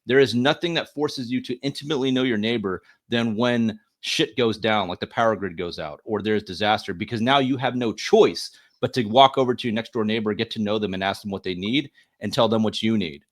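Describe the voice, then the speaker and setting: An earnest man with a fairly low voice, making his case in a casual podcast discussion. He presses his points with emphasis and often repeats a word while he gathers the next thought. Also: fairly quick, few pauses. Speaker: podcast co-host.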